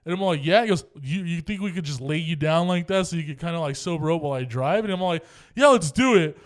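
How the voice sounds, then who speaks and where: A man's voice: on the high side, fast talker. A young man co-hosting a podcast, telling a long story in casual chat, swearing a lot and acting out both sides of the dialogue. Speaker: podcast co-host.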